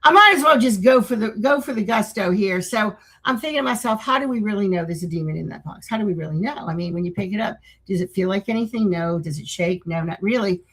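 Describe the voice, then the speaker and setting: Older woman guest, husky, rambling storyteller with lots of restarts. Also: medium pitch, fast, few pauses, rough recording. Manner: rambling, with many restarts and acted-out quotes. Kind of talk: casual interview storytelling.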